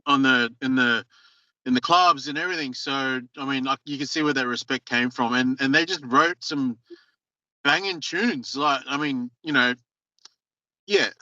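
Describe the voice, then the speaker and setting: Male interviewer, very bright tense tone, dry dull recording, halting casual replies. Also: medium pitch, no room sound. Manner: hesitant, repeats words while reacting. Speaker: host, interviewer.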